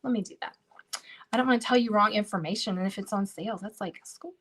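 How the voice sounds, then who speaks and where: A woman's voice: mid-range voice, quick pace, fairly bright tone. A woman hosting a casual crafting livestream from home, chatty and bubbly, talking straight to her viewers. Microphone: livestream camera setup.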